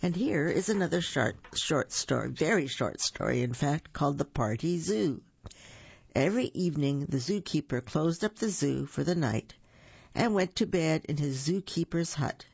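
Storyteller reading picture books, sing-song, gravelly, dull dry lo-fi recording. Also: medium pitch, normal speed, dry recording. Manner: lively, sing-song with many slips.

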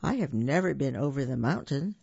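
A reader plays a small, kind female blue engine from a storybook that keeps chanting with quiet determination. The voice has a gravelly grain. The recording is dry and a little dull. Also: medium pitch, animated, brisk, dry recording. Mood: determined.

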